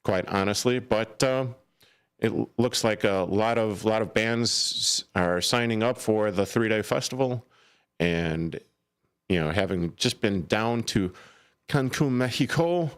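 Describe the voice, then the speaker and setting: A man's voice: on the low side, lively intonation, measured pace, clean tone. A man co-hosting a live local radio show, rambling and joking casually in the studio. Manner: playful, jokey, rambling with restarts. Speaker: radio co-host. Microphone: studio microphone.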